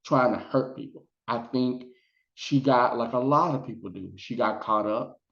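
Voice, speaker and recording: A man's voice: medium pitch, moderate pace, creaky, fairly bright tone. A man chatting casually in a video review, retelling scenes with lots of fillers. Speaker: psychic vlogger reviewing a documentary. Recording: roomy, dull lo-fi sound.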